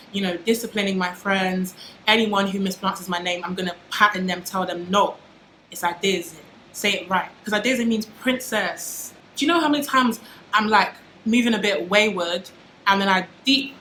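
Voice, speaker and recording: A woman's voice: medium pitch, bright, forceful tone, slight background noise. Young British woman, vlogger, dramatic and emphatic, echoey room with faint ambience. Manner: passionate, dramatic, emphatic with repeated phrases. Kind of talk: casual talk to camera.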